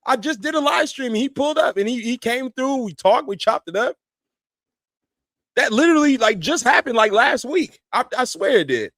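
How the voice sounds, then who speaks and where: A man's voice: extremely high pitch, animated, normal speed, fairly bright tone, dry recording. A man hosting a live stream, giving casual commentary in a blunt, heated and profane way. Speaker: streamer host.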